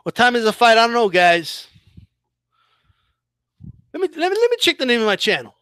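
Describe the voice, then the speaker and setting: A man hosting his own boxing channel, giving casual, animated commentary with a mocking edge and frequent restarts. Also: very high-pitched, normal speed, clear, resonant tone, dry recording.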